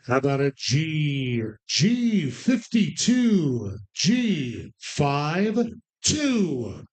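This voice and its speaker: A man calling bingo numbers, drawing each call out slowly and tossing in quick, playful joking asides. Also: a little high, big pitch swings. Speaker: bingo caller.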